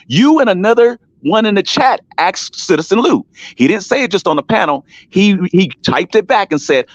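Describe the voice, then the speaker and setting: Guy ranting on a stream panel, lively up and down voice, dry dull sound. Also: a little high, a little fast, no echo. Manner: animated, emphatic storytelling with repeated names and restarts. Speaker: panel guest on an online talk show. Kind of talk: casual live-stream panel talk.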